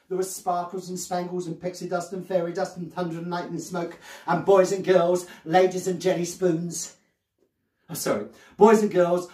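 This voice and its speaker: A man, a children's magician telling a story in a playful, animated way to young children. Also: high-pitched. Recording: roomy sound from a distant mic.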